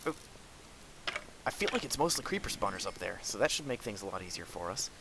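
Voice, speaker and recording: A young man hosting a gameplay video, excitedly commenting on his own play, talking to his enemies and breaking into outbursts and laughs. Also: lowish voice, fairly quick, creaky, noisy background. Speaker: gaming video host.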